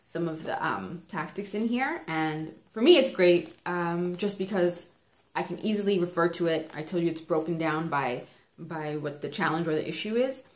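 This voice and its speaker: A woman's voice: fairly low pitch, moderate pace. A young woman casually chatting about parenting, talking freely and laughing often as she tells stories about her kids. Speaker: parenting vlogger reviewing a book. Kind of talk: casual chat. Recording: roomy echo.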